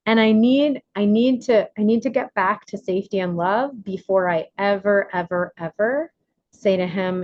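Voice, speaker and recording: A woman facilitating an online recovery workshop on a video call, animated, acting out quotes with big jumps in pitch. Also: normal speed, no room sound, lo-fi sound.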